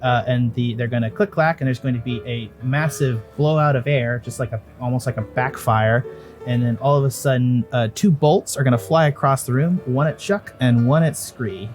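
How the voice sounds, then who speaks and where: A man's voice: mid-range voice, normal speed, a little mellow, soft background music. A man running a tabletop game as dungeon master, talking loosely with fillers and swearing.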